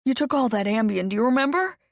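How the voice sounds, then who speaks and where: A woman voicing an excitable, anxious young man who gushes at his best friend, in an audiobook. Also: quick pace, no room sound, clean studio sound. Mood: excited. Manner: high-pitched and gushing.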